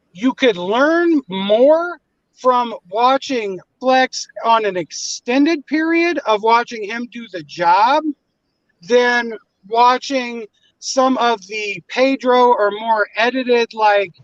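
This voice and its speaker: A man on a livestream panel speaks in a high voice, hesitant and stammering as he tries to calm things down. His line is dry and somewhat muffled. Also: slow, no room sound. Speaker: panel guest. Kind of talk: casual livestream panel talk.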